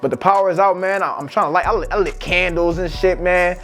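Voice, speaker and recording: A man with an American accent, telling a story in a casual, profane and animated vlog. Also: sits high, quick pace, soft background music. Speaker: vlogger.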